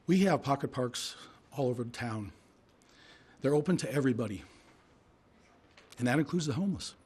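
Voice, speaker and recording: A man with a hoarse, fading voice gives public hearing testimony, speaking emphatically and indignantly and firing off rhetorical questions from a podium microphone. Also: mid-range voice, darkish tone. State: hoarse, losing his voice.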